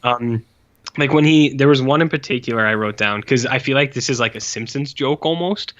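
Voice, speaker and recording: A man's voice: mid-range voice, brisk, a bit bright, lo-fi sound. A man in his forties co-hosting a podcast, chatting casually about an old film with rambling, profane asides and lots of fillers. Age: 40s. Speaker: podcast co-host. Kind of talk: casual film review chat.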